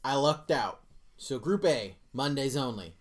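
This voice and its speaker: A man hosting a casual podcast, telling a story with lively acted-out reactions and plenty of swearing. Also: medium pitch, unhurried. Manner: animated storyteller who acts out reactions and swears freely. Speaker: podcast host.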